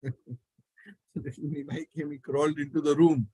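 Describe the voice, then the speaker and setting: Male spiritual speaker, lively storyteller, a bit high-pitched, dry sound. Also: a little slow, breathy edge, dry recording, rough recording. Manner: animated, acts out the characters. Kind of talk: devotional storytelling talk.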